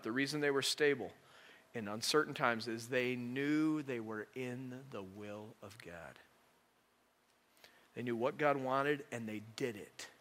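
A male pastor delivers a conversational sermon in a mid-range voice, animated and peppered with rhetorical questions aimed at the congregation.

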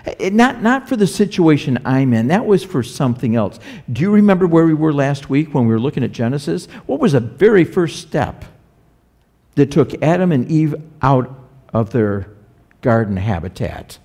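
A man's voice: fairly high pitch, very animated, normal speed, mellow. A man preaching a sermon as a pastor, talking conversationally and putting rhetorical questions to the congregation.

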